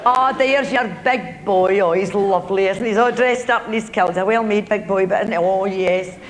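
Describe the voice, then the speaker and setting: A woman's voice: medium pitch, normal speed, hardly any pauses. A woman comedian with a Glaswegian Scottish accent, telling a gossipy, chatty comic monologue live in a theatre. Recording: live theatre recording with audience noise.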